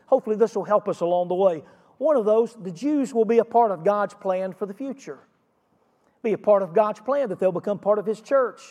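High-voiced man preaching in a reverberant hall. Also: animated, fairly quick, warm tone, highs cut off. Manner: earnest teaching tone with rhetorical questions and numbered points. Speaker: pastor. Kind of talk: sermon.

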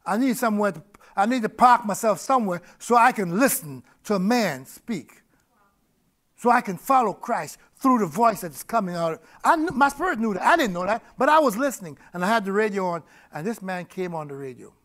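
A man's voice: sits high, animated, fairly quick, fairly bright tone. A middle-aged man preaching a personal testimony, telling his story with laughter, repeated words and sudden bursts of energy. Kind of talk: testimony sermon.

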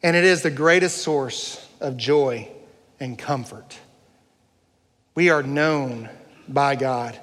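A man's voice: medium pitch, slow pace, pauses often, a bit bright, in a large hall. A male pastor preaching a sermon, earnest, building through rising rhetorical questions.

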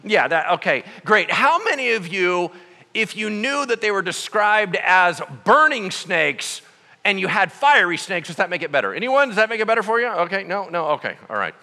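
A man preaching a sermon, telling a story in an animated, comic way with voices for the people in it. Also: high-pitched, moderate pace, big-room sound. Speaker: pastor.

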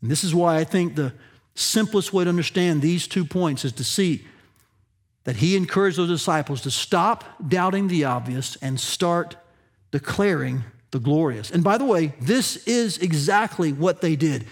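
A male pastor preaching a sermon, rising in emphasis on key points and slowing down to stress phrases. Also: on the high side, animated.

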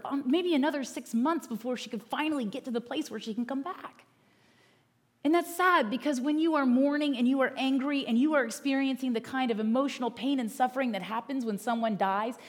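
A woman pastor giving a sermon in an earnest, conversational way. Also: high voice.

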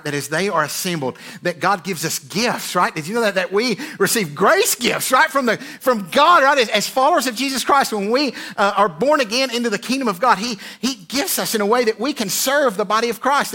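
A male pastor delivering a Sunday sermon in a high, bright, ringing voice. He is earnest and emphatic, often checks in with "right?", and lets the ends of his phrases fall slow and low. He is preaching in a church.

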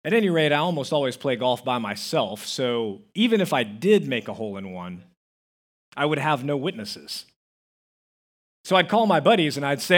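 A man's voice: a little high, expressive, fairly quick. A man preaching a sermon as pastor, telling stories with acted-out quotes and stressing key words. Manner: storytelling with acted-out quotes, emphatic.

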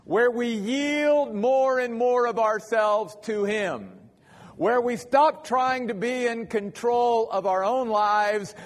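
Male pastor for a slow, deliberate bible sermon, fairly high voice, long hall reverb. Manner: measured, deliberate, repeats key points for emphasis.

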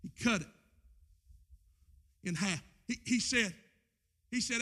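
Male pastor, high voice, impassioned church sermon with big swings in volume. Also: slow pace. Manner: impassioned preaching, swinging between shouts and low asides. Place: church with a screen.

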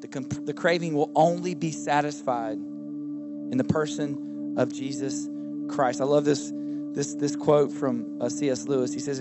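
Pastor, preaching conversationally. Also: male voice, medium pitch. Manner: conversational, addresses the congregation directly with questions. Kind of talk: sermon. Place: church service.

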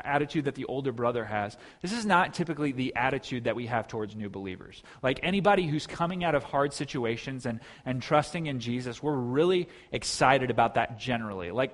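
Male pastor, earnest sermon delivery, mid-range pitch. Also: a bit bright. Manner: earnest, with frequent restarts.

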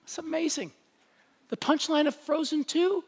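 Animated preacher with a lively, swooping voice. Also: husky, big-room sound. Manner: animated, conversational preaching with wide swings in pitch and loudness; emphatic, with rhetorical questions and quick asides. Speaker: pastor. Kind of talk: sermon.

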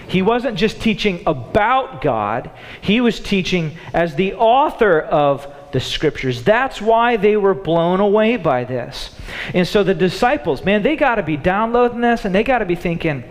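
A man preaching a sermon in an animated way, acting out the thoughts of the people in his story. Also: high voice, a little slow. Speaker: pastor. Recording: long hall reverb.

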